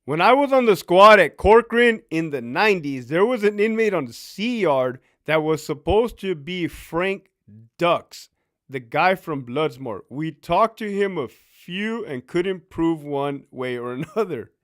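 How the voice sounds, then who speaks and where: High-pitched guy in his 50s, ex prison officer, cussing and cracking up on a live stream. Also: unhurried. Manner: profane, laughing, animated storyteller. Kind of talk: casual storytelling live stream.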